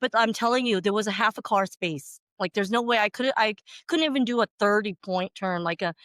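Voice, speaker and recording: A woman whose first language is not English, telling a story on a podcast. She is animated, laughs often, swears freely and fills her talk with "like". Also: mid-range voice, fairly quick, no room sound, clean studio sound. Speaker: podcast co-host. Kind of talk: casual storytelling.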